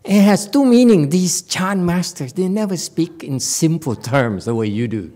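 A woman's voice: lowish voice, normal speed. A woman giving a Buddhist dharma talk, laughing often and checking in with her listeners. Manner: animated, laughing, asks audience often. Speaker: Buddhist teacher. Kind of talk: dharma talk on Chan stories.

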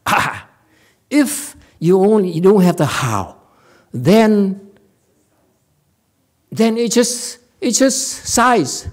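A woman's voice: medium pitch, very slow, pauses often. A woman giving a Buddhist dharma talk, laughing often and checking in with her listeners. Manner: animated, laughing, asks audience often. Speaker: Buddhist teacher. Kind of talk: dharma talk on Chan stories.

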